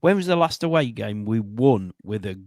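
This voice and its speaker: A man's voice: on the low side, very animated, normal speed, darkish tone, no echo, studio quality. A man on a football podcast panel, jokey and telling anecdotes with gusto. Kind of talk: casual football podcast chat.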